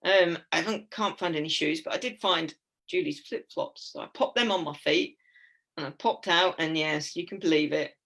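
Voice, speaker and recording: A woman's voice: low-pitched, normal speed, gravelly, fairly bright tone. Chatty English woman telling stories. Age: 50s. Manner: chatty, giggly storytelling. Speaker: guest speaker at a club talk. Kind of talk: anecdotal talk with slides.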